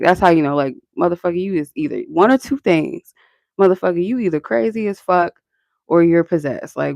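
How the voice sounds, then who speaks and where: A creaky, medium-pitched voice belongs to a channel host chatting casually, rambling and profane with lots of "like" and laughter, recorded with no echo.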